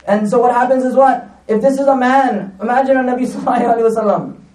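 A man preaches in a very high, mellow voice, telling stories at a quick clip and repeating phrases for emphasis. He sounds well back from the microphone, and the room's echo surrounds his words. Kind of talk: sermon with lively storytelling. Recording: echoey room, distant mic.

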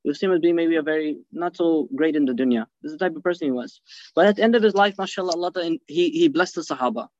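Fast-talking man teaching a religious class. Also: on the high side, no room sound, muffled recording. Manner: animated, asks the class rhetorical questions; mixes Arabic phrases into English. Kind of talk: hadith class lecture.

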